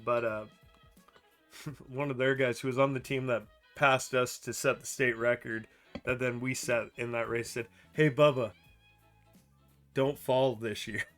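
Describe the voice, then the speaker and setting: A young man from Idaho, co-hosting a podcast, telling stories in an animated, profane way and laughing as he talks. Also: medium pitch, moderate pace, soft background music. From Idaho, United States. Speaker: podcast co-host. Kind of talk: casual storytelling chat.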